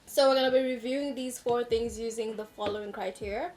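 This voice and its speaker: A woman's voice: on the high side, steady tone, a little fast, a little mellow. A young adult woman co-hosting a casual chat, explaining things with playful, dry asides. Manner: playful, dry asides, coins jokey terms. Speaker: co-host.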